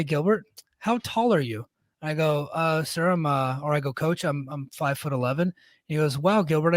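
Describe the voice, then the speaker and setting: Recorded in a clean studio with no room sound, this middle-aged man's voice sits on the high side. A military leader and podcast co-host, he tells stories bluntly and casually, frequently ending with "right?"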